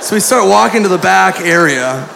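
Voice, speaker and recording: A man doing stand-up, telling a story in an animated, profane, self-mocking way. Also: sits high, normal speed, vocal fry, crowd noise, background noise. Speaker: stand-up comedian. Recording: live club with audience laughter.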